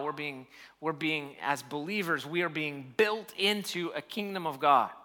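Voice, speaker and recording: Bright-voiced preacher man. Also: on the high side. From United States. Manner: preaching with rising emphasis, reading scripture aloud. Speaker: pastor. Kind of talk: sermon.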